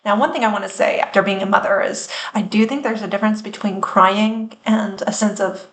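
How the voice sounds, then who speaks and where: Woman host of a wellness podcast, earnest, thoughtful pauses, roomy echo. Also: medium pitch, fairly even intonation, fairly bright tone. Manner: earnest and reflective, with measured pauses.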